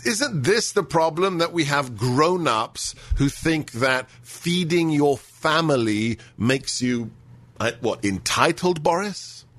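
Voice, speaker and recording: A man hosting a political talk show, indignant and animated, stretching words for emphasis. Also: on the high side, slow, dry recording. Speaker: show host.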